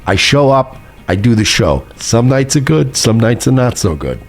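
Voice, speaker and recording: A man's voice: medium pitch, big pitch swings, moderate pace, faint music behind. A man streamer delivering heated, profane, repetitive commentary, ranting and reacting to clips. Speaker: streamer host.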